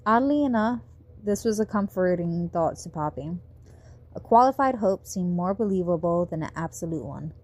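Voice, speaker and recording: Woman narrator, amateur audiobook read on a phone, lowish mellow voice. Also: moderate pace.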